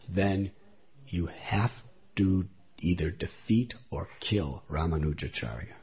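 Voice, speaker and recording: Man, devotional storytelling talk, raspy voice, muffled lo-fi recording. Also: fairly low pitch, warm tone. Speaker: devotional speaker.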